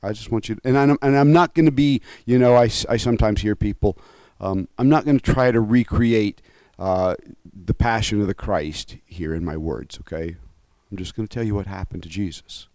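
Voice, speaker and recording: A man's voice: fairly low pitch, normal speed, hardly any pauses, a little mellow, dry recording. A male pastor giving a conversational sermon. He is earnest and openly moved, and he often halts, restarts and adds asides.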